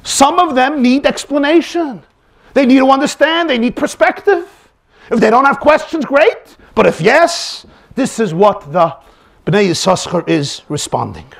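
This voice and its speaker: A man's voice: extremely high pitch, measured pace, gravelly. A man, a rabbi, teaching a Torah class, acting out little dialogue scenes and sprinkling in Yiddish and Hebrew words. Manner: animated, acts out dialogue scenes.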